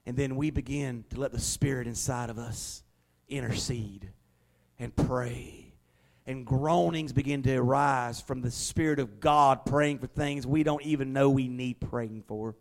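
A male pastor, preaching a sermon in a folksy, conversational way and leaning on slowed, emphatic stresses. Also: mid-range voice, steady tone, a little mellow. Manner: emphatic, with slowed dramatic stresses and acted-out prayers.

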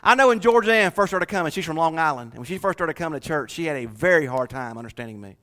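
Bright-voiced Southern pastor preaching. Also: male voice, high-pitched, expressive, fast. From North Carolina. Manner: folksy, joking with the congregation. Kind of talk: sermon. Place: church.

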